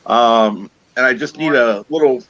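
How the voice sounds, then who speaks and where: A man's voice: medium pitch, a bit bright, muffled recording. Rambling man chatting on a live show. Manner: rambling, halting with fillers. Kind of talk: casual chat.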